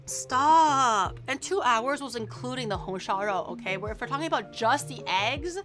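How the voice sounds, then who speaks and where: A woman's voice: a little high, expressive, fairly quick, sharp tone. A woman streamer chatting casually while she cooks, playfully indignant as she bickers with her chat. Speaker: streamer cooking on camera. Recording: background music under voice.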